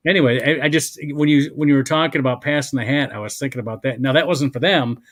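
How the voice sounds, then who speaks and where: A man's voice: mid-range voice, quick pace. Rambling older male comedy host. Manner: rambling, gets lost hunting for names. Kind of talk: casual chat.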